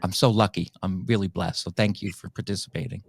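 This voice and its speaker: A man's voice: low voice, steady tone, fast talker, gravelly, husky, dry recording. An English man hosting a casual interview, effusive and gushing with praise for his guest. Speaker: podcast host.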